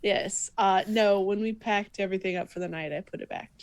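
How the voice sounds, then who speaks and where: A woman playing a tabletop game in casual chat, playful and full of quick questions. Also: mid-range voice, background noise. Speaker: player.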